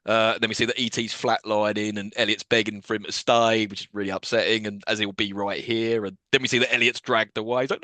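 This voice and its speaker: A man's voice: lowish voice, level tone, fast, few pauses, pushed and bright, no room sound. A man co-hosting a podcast, casually retelling a film's plot and acting out the characters' lines. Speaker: podcast co-host. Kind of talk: casual film-recap chat.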